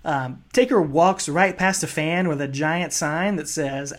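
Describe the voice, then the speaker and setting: A man's voice: fairly high pitch, a little slow. A man co-hosting a casual podcast, chatting about a wrestling match with fillers and easy laughs. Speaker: podcast co-host. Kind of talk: casual wrestling commentary chat.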